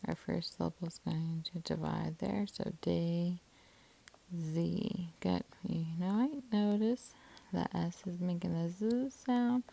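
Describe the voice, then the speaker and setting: A woman teaching a spelling lesson, slowly sounding out syllables and letter patterns, with many soft whispered sounds. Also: on the low side, creaky. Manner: slow, deliberate, sounding out words.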